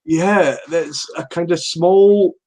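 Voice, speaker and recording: A man's voice: a little high, slow, dark tone. A middle-aged Scottish man chatting casually as a podcast guest, rambling, swearing freely and laughing often. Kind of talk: casual film-watching chat.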